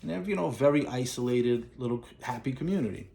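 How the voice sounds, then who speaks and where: A man at an ordinary middle pitch talks through a film's story in a loose, conversational way. He circles back, restarts phrases and leans on fillers as he narrates. The tone is relaxed and chatty. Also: fairly quick, gravelly. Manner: rambling, lots of fillers and restarts. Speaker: movie reviewer. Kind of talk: casual movie recap.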